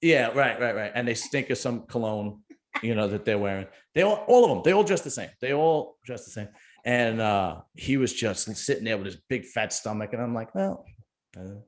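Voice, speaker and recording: A man's voice: fairly low pitch, expressive, normal speed. A middle-aged man, hosting a casual chat and telling a rambling, joking story. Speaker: podcast host.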